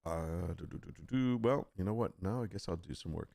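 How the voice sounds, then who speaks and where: A man hosting a casual live stream, talking in a rambling, animated way with frequent restarts and asides. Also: sits low, brisk, vocal fry, dry recording. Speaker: live stream host, print-on-demand seller.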